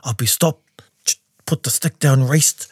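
A man in his forties with a New Zealand accent, a composer guest telling his story in a studio interview and jumping into high voices when he quotes people. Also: unhurried, darkish tone, breathy edge, no echo. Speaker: guest, composer and taonga pūoro player.

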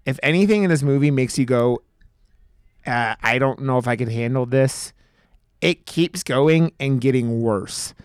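A man co-hosting a podcast, chatting casually about a film in a rambling, profane, excitable way. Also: mid-range voice, a little slow, clear, resonant tone, dry recording, studio quality. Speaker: podcast co-host. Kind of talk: casual film review chat.

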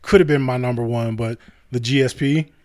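Casual male co-host, mid-pitch, dry booth sound, playful storyteller who slips into character voices. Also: fairly even intonation, fairly quick, a little mellow, dry recording. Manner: laughs often, acts out scenes with put-on voices. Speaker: podcast co-host. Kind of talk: casual chat.

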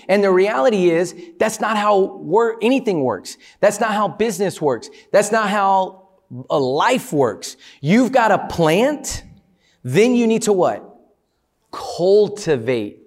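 A man giving a motivational talk to a live audience, energetic and playful, often asking the crowd questions. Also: high-pitched, slow pace. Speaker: motivational speaker.

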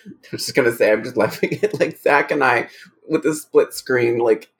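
A man's voice: mid-range voice, normal speed. A young man in his twenties co-hosting a podcast, giggling through his sentences. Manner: giggly, laughs mid-sentence. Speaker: podcast co-host. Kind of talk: casual chat.

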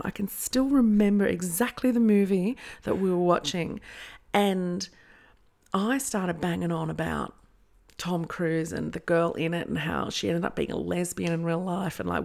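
A woman chatting as a guest, telling a story in an animated way and acting out what others said. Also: lowish voice, gravelly. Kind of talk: storytelling in a podcast interview.

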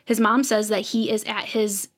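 A woman's voice: medium pitch, level tone, normal speed, breathy edge. A woman co-hosting a podcast, recapping episodes in a chatty storytelling way. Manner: chatty storytelling, acts out quotes. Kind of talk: casual recap chat.

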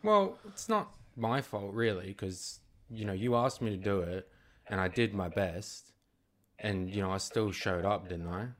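An actor playing a grumpy Australian landscaper on a phone call, sulky, defensive and swearing freely. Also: male voice, fairly low pitch, animated, unhurried, a bit bright. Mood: grumbling. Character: grumpy male landscaper mate, blunt and sweary. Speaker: phone guest.

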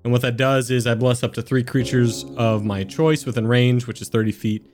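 A man's voice: mid-range voice, moderate pace, soft background music. A man playing in a tabletop game, chatting casually and walking through rules step by step. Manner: relaxed, explains rules step by step. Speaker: player.

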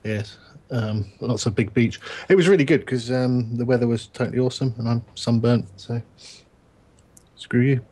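A man chatting casually on a podcast, telling stories with relaxed deadpan quips. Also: medium pitch, normal speed, husky. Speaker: podcast co-host. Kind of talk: casual group podcast chat.

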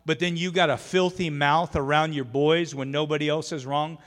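A man preaching a sermon as pastor, animated and exhorting, acting out everyday scenes. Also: fairly high pitch, normal speed. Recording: long hall reverb.

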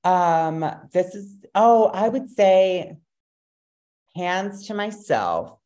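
A man's voice: high voice, extremely slow. Gushing, campy drag performer man. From Madison, Wisconsin. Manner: gushing, campy, animated slang. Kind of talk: casual interview chat.

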